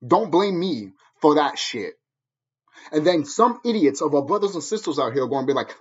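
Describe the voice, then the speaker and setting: A man's voice: fairly high pitch, lively intonation, brisk, slightly rough. A man ranting at viewers in a profane, angry, preachy monologue, heard on a dull lo-fi recording. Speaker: vlogger.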